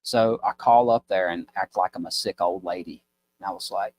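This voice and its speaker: This is a low-pitched man with a drawl, chatting casually as a podcast guest. He rambles through his stories with a folksy ease and acts out the people in them. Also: moderate pace. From Mississippi. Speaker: podcast guest, business owner. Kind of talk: casual storytelling chat.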